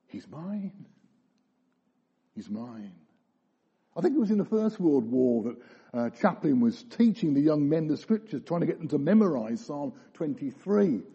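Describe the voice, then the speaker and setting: A man preaching a sermon, telling stories with emphasis and slowing down for key phrases. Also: on the high side, mellow, husky. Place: church. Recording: dull echoey church recording.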